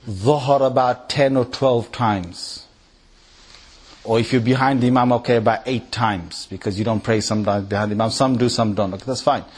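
A man preaching to a large gathering in a lively sermon, quizzing his listeners with rhetorical questions and swinging between loud emphatic bursts and low quiet asides. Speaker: Islamic preacher addressing a gathering. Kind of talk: lively sermon with recitation examples.

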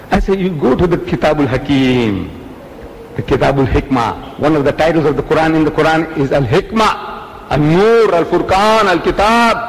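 A man's voice: a little high, slight background noise. A man preaching an Islamic lecture, telling stories with acted quotes and firing off rhetorical questions. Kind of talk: public religious lecture. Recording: echoey hall, faint ambience.

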